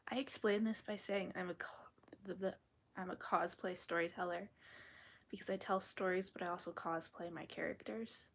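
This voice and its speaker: A woman's voice: lowish voice, steady tone, moderate pace, vocal fry. A woman chatting casually with her viewers on a live stream from her bedroom, rambling and often slipping into a whisper. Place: bedroom at home.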